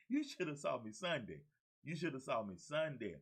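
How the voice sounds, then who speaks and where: A man's voice: mid-range voice, sing-song, moderate pace, husky, low-quality recording. A man, hosting his own show as a motivational coach. He talks with exuberant energy, repeats his key phrases and calls out to his listeners like a preacher. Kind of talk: energetic motivational talk to camera.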